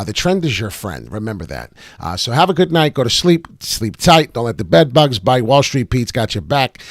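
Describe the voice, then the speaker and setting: A man's voice: mid-range voice, no echo. A man hosting a casual livestream about crypto charts, brash and profane, tossing out rhymes and hype as he talks. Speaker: crypto chart analyst and show host. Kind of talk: casual livestream market commentary.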